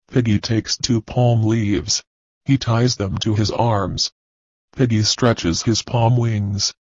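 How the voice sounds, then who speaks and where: A man teaching, reading a children's story and class activities aloud slowly and deliberately. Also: on the low side, a little mellow, no room sound. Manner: slow, deliberate, clear reading. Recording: dull, dry lo-fi recording.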